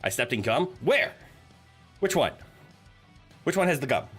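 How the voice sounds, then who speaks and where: A man's voice: medium pitch, very animated, unhurried, fairly bright tone, husky, faint music behind. A man streaming live, chatting casually with his viewers in a nervous, joking, giggly way. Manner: chatty, joking, talks to chat.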